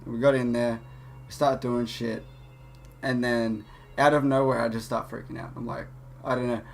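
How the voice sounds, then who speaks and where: A man's voice: medium pitch, flat delivery, normal speed, vocal fry. Profane young man rambling a story. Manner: rambling, profane, laughing, with many restarts. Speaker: gaming channel host. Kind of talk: casual storytelling over gameplay.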